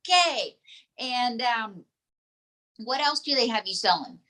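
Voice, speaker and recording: A woman's voice: on the high side, expressive, unhurried, pauses often, bright, forceful tone. A woman doing a stand-up ventriloquism act at a live comedy show, chatty with lots of "um" and "okay".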